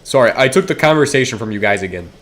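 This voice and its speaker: A man's voice: mid-range voice, lively intonation, quick pace, fairly bright tone. Rambling man streaming a game. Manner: rambling, self-interrupting, talks straight to chat. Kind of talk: casual game stream chat.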